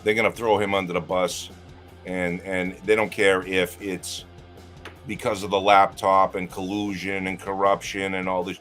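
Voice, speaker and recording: Low-voiced guy ranting, opinionated and swearing, faint music in the background. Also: flat delivery, normal speed, a bit bright. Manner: profane, opinionated, jokey. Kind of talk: casual chat.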